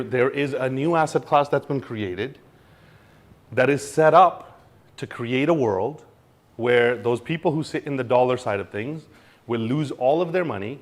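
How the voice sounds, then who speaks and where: A man giving an informal seminar talk on money, blunt and animated, acting out little exchanges in mock voices. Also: medium pitch. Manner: blunt, swears casually. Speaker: crypto educator.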